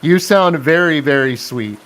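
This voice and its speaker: A man in easygoing live-stream chat mode, talking at a relaxed, slow pace. His voice sits a bit on the higher side, and he reads out viewer comments and laughs along with them.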